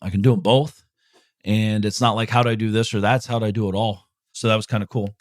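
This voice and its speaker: A man's voice: fairly low pitch, steady tone, fast, dry recording. Man, middle-aged, podcast host, casual motivational talk, profane, candid, dry close sound. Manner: blunt and profane, swearing freely; candid, openly emotional about personal matters. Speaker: podcast host answering listener questions.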